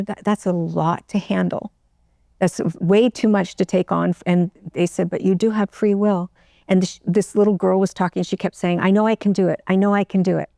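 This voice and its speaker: A middle-aged woman, an interview guest, telling her own story in a halting, emotional way, close to tears, with many restarts. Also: fairly low pitch, gravelly, warm tone, no echo. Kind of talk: personal storytelling.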